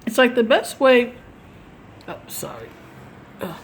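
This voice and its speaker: Recorded live at home, a woman with a higher-pitched voice speaks slowly, her pitch swinging widely over slight background noise. She rambles through casual opinion commentary for a gaming video, restarting sentences and tagging them with "right?".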